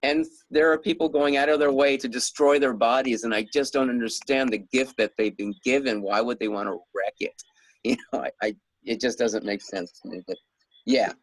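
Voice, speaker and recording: A middle-aged man talks casually in an interview, rambling and chuckling as he goes. His voice sits at a middle pitch. The recording is dry and close. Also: fairly even intonation, normal speed, dry recording, poor audio. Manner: rambling, chuckles often, many restarts. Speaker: guest author.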